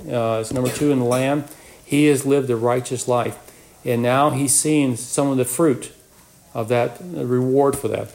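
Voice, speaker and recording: A man's voice: medium pitch, dark tone. A man teaching a Bible passage in sermon style, reading scripture aloud and then retelling it as a story, acting out the characters' voices. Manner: storytelling, acts out the brothers' voices.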